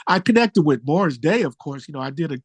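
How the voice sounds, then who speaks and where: Talking at a quick pace with no echo, a middle-aged musician spins casual stories in an interview. He's an animated teller who voices quoted lines with big pitch jumps.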